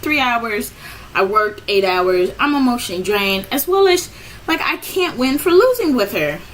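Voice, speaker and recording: A fairly high-voiced woman recounts a bad day at work in a loose, rambling storytime style, full of restarts and "I'm like." Her pitch leaps upward whenever the frustration comes back. A faint hiss sits under the recording. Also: normal speed, rough recording. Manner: animated, pitch jumping high when reliving frustration. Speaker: vlogger telling a personal story. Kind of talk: casual storytime.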